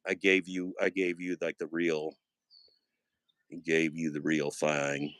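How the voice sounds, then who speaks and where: A man's voice: a bass voice, flat delivery, takes it slowly, a bit bright, no echo. A man rambling and joking on a casual live stream, trailing off and restarting often.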